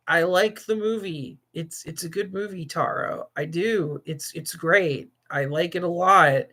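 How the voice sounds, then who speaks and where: A man's voice: high-pitched, moderate pace, pushed and bright. A man hosting a casual livestream, talking in a rambling, jokey way, often laughing and restarting. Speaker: livestream host.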